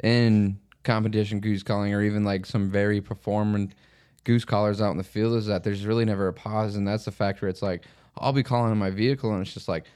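A man's voice: fairly low pitch, steady tone, fast talker, a little mellow, clear, resonant tone. A man hosting a podcast, asking long, loose questions filled with "like". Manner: loose questions full of "like", laughs often. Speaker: podcast host. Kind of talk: casual interview.

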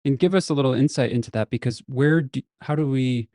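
A man's voice: medium pitch, a little fast, mellow, no echo, studio quality. A man hosting an interview, asking thoughtful, probing questions. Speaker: interview host.

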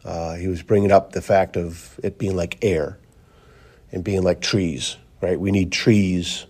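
A man's voice: sits low, fairly even intonation, unhurried, a little mellow, husky. A man hosting a daily motivational podcast, talking earnestly in a rambling, casual way with many fillers and repeated phrases. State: briefly choked up. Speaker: motivational podcast host, coach. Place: driving to work, in a car.

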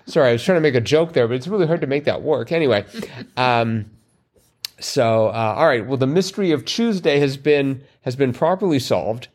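Man co-host, mid-pitched, easygoing, rambles with fillers and dry puns. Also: a little fast. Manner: relaxed, wordy, many fillers, dry wordplay jokes. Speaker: podcast co-host. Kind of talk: casual chat about crosswords.

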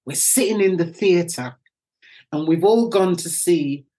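A middle-aged British woman, a guest telling lively anecdotes and acting out the voices of the people in them. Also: fairly low pitch, a little slow, breathy edge. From United Kingdom. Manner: animated, acts out voices in her anecdotes. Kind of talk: storytelling interview.

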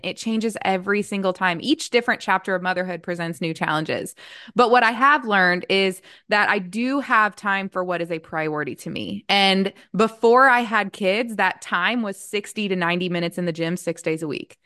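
A woman's voice: medium pitch, a little fast, bright, forceful tone, no echo. Earnest woman podcast host, dry sound. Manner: earnest, laughs often. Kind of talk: casual conversational chat.

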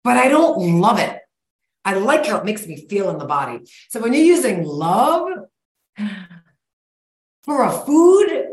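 A woman in her forties talks bluntly and with lots of energy, in a folksy, plain-spoken way. Her voice sits a little low, and the room around her is echoey. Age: 40s. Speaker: guest, sugar-cravings coach. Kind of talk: casual interview chat. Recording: roomy echo.

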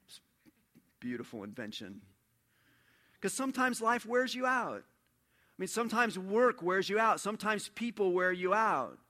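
A man preaching a sermon in an animated storytelling way, dropping to a hush and then rising loud. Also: high-pitched. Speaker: pastor.

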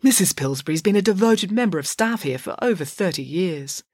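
A woman voicing a gentle, soothing middle-aged male school counsellor who gets a bit nervous. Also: lowish voice, animated, fairly quick, no room sound, studio quality.

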